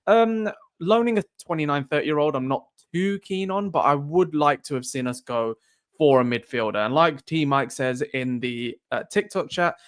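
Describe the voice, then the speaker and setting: A man's voice: a little high, expressive, normal speed, clean tone. An Irish man hosting a casual live stream, chatting loosely and reading viewer comments aloud before answering them.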